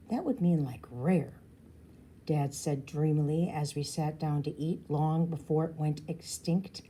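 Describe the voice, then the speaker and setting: A woman's voice: low-pitched, a little slow, mellow. A woman reading a children's novel aloud, stopping now and then to explain words to young listeners. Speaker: storybook reader.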